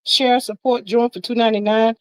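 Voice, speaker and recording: A woman's voice: fairly high pitch, little pitch movement, a little fast, smooth, dry recording, poor audio. A woman hosting a casual livestream, chatty and slangy, greeting viewers by name and reading their comments aloud. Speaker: livestream host.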